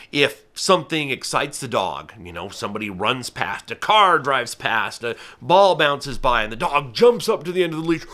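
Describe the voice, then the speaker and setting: A man's voice: mid-range voice, expressive, fairly quick, pushed and bright. A man hosting his own channel, explaining a hobby carefully and earnestly, with everyday examples. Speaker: falconer and channel host. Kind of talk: casual educational talk to camera.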